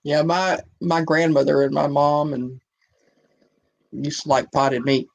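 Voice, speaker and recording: A woman's voice: low voice, fairly even intonation, a little slow, gravelly, a little mellow, lo-fi sound. An older woman on a chat panel, sharing family anecdotes with frequent laughter. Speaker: panel member. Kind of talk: casual chat.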